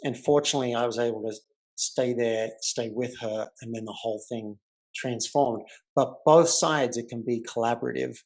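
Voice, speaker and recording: A man's voice: mid-range voice, normal speed, creaky. A man, a life coach, telling a story as the guest in a casual remote interview. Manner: animated, vivid storyteller. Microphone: remote call.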